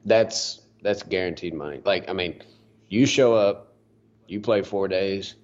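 Laid-back golfer guy, lowish voice, muffled lo-fi sound. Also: measured pace, darkish tone. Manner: easygoing, laughs often, hesitant restarts. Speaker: golfer guest. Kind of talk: casual interview chat.

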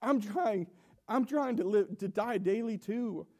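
A young man preaching an emotional sermon in a church, halting and repeating himself with nervous laughs. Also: high-pitched, darkish tone. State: emotional, coughing.

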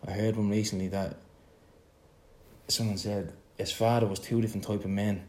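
An Irish man speaking reflectively in a conversation, halting and repeating words as he searches for them. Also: fairly low pitch, little pitch movement, darkish tone. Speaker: son in a conversation.

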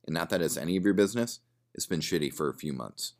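A man doing a gruff, sardonic barfly. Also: deep voice, animated, fast talker, darkish tone. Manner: sardonic, swearing, rambling. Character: gruff cynical man drinking in a bar.

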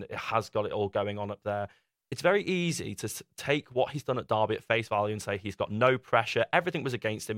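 A man's voice: on the low side, a bit bright, no echo, clean studio sound. A man, co-hosting a review podcast, making his case in casual debate and acting out quoted voices. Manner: argumentative, acts out quoted voices. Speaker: podcast co-host reviewing a documentary.

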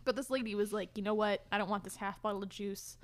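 A woman's voice: medium pitch, quick pace. A young adult woman telling a story in a casual chat and acting out what people said. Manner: animated, quotes people in lively voices.

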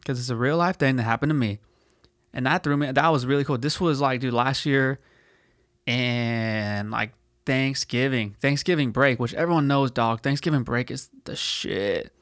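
A man's voice: medium pitch, moderate pace, a bit bright, no room sound, clean studio sound. A man in his twenties from California, hosting a podcast in a rambling, profane solo rant that leans on "dude" constantly. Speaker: podcast host.

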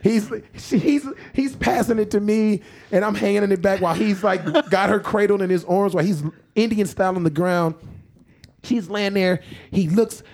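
Animated man telling a story, fairly high voice. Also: moderate pace. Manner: animated, laughing, acts out quoted lines. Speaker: podcast co-host. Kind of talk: casual storytelling chat.

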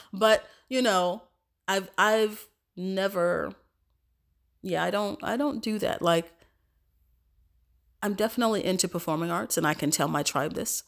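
A woman with a stuffed-up cold, hosting a podcast, speaking an earnest evening prayer and then chatting casually, repeating phrases and sometimes dropping to soft whispers. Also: on the low side, vocal fry. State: congested from a cold. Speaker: podcast host.

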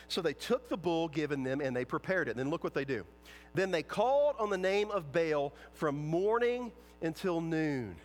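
High-voiced preacher in an echoing hall. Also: male voice, normal speed. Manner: storytelling preacher, animated and playful, acts out quotes. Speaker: pastor. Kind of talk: sermon. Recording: long hall reverb.

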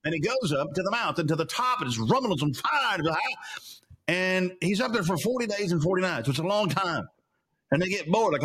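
Lively guy preaching casually on his show, bright forceful voice, jumps all over. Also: high-pitched, fairly quick, husky. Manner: animated storyteller, laughing asides. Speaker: host.

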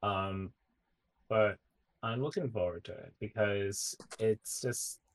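A young man talks loosely on a podcast, winding through stories with plenty of fillers and restarts. His voice sits a little low. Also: slow, poor audio. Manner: rambling, filler-heavy storytelling. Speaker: podcast co-host. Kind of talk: casual chat.

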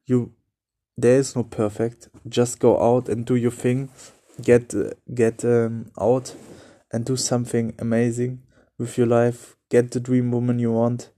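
Man, young adult, non-native English speaker, mellow tone, earnest motivational podcast talk, repetitive phrasing. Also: mid-range voice, monotone, unhurried. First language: not English. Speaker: podcast host.

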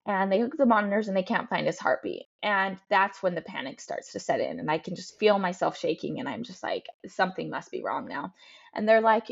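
Halting, emotional woman telling her story. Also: mid-range voice, sing-song, vocal fry, muffled recording. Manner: halting, emotional, frequent ums and restarts. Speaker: podcast guest. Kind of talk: personal storytelling.

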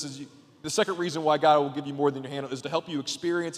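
Guy preaching in a big church hall, kinda high voice, chatty, gets loud then goes quiet, long echo. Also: very fast. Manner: animated, swings from loud emphatic to hushed asides; casual, chatty with fillers and jokes. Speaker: guest pastor. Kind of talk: sermon. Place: church auditorium.

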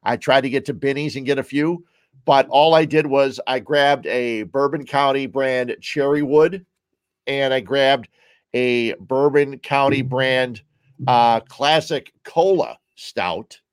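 A Chicago-area American man hosts his solo show at home, sipping beer as he chats loosely and meanders across topics. He takes his time, speaking in a clean-toned, medium-pitched voice, recorded with clean studio sound and no echo.

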